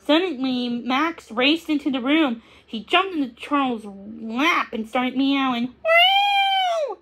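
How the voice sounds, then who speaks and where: A woman reading a children's book aloud, unhurried, with small slips and restarts. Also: high voice, a bit bright, husky. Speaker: story reader.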